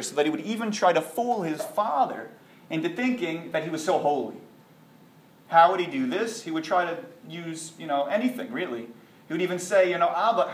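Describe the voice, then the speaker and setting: A man giving an informal Torah talk, animated and conversational, full of rhetorical questions. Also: on the high side. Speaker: Torah teacher. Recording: echoey room.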